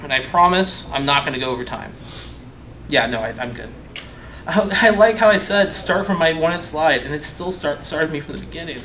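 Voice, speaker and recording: A young man with a fairly high voice gives a loose, profane conference talk. He jokes at his own expense, and his voice rings around a roomy, echoey hall. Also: normal speed, fairly bright tone, slight background noise. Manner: loose, profane, joking, self-mocking. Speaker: conference speaker.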